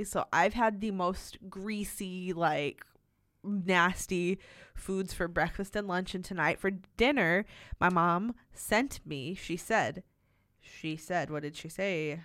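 A woman's voice: lowish voice, unhurried, a bit bright, dry recording, studio quality. A young woman co-hosting a podcast, chatting casually and rambling, with frequent laughs. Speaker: podcast co-host. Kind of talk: casual chat.

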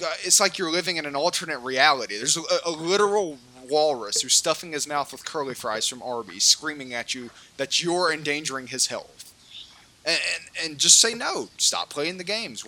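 A man's voice: a little high, pushed and bright. A man co-hosting a political podcast, ranting heatedly with many repeats and restarts. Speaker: podcast co-host.

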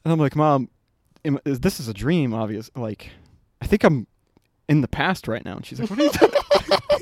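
A man's voice: medium pitch, animated, normal speed, darkish tone, dry recording, studio quality. A man in his twenties on a podcast, telling a story in casual chat, swearing freely and laughing as he goes. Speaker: podcast co-host.

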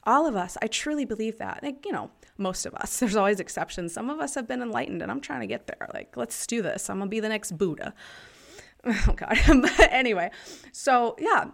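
A woman's voice: a little high, animated, brisk, vocal fry, fairly bright tone. A woman in her thirties hosting a casual podcast, talking candidly with frequent swearing and laughter, and guiding listeners through breathing exercises. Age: 30s. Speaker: podcast host and life coach. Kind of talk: casual confessional podcast talk.

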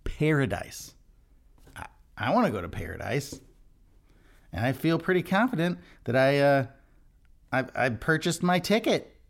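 Guy hosting a devotional podcast, gravelly, earnest, stumbles and restarts a lot. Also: fairly high pitch, big pitch swings, measured pace, long pauses. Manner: earnest, conversational, frequent restarts. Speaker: worship leader, podcast host.

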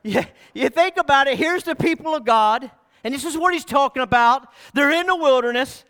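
A middle-aged pastor preaches to his church in a very high, bright, forceful voice. He swings from shouted peaks down to hushed, confiding asides. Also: normal speed. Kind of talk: sermon. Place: church sanctuary.

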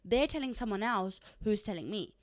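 A woman's voice: mid-range voice, expressive, moderate pace. A young woman co-hosting a podcast, chatting casually, laughing often and jumping in to argue playfully with her partner. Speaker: podcast co-host. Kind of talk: casual chat.

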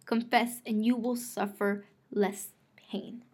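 A menacing schoolteacher who is secretly a winged monster hag, played by a woman reading aloud, drawing out her threats slowly and coldly. She hisses her words like a storybook villain closing in on a child. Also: fairly high pitch, flat delivery, husky. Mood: cold menace. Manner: slow, cold, hissing threats.

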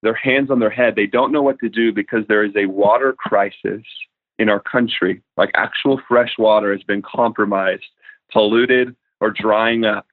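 A man's voice: on the low side, steady tone, moderate pace. A man in his thirties, a guest minister on a podcast, telling a story earnestly with lots of fillers. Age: 30s. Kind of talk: podcast interview, spoken prayer. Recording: tinny phone-like remote line.

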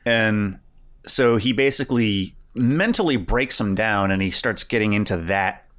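A man with a fairly low voice talking through a film on a podcast. He is laid-back and relaxed and often chimes in with short agreement. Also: measured pace. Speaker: podcast co-host. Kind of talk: casual film review chat.

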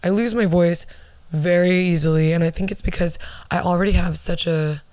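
A young woman with a soft, low alto voice that sounds worn out, as if she is losing it. She rambles casually through her stories with plenty of asides. The recording is close and dry. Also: steady tone, moderate pace, dry recording. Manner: chatty, rambling with asides and laughs. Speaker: podcast host. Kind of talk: casual solo podcast storytelling.

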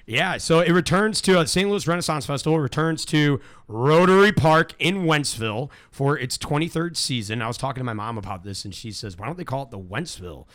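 Lively, sarcastic Midwestern man on radio. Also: fairly high pitch, a little fast, few pauses. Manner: loose, sarcastic, swears freely. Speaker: radio show host. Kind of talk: casual radio banter.

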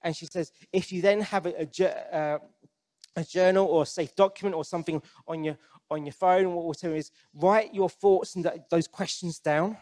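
Earnest, slightly high-voiced male preacher. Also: fairly even intonation, normal speed, darkish tone. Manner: earnest, conversational, with frequent restarts and repetitions; asks the congregation direct questions. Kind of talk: sermon.

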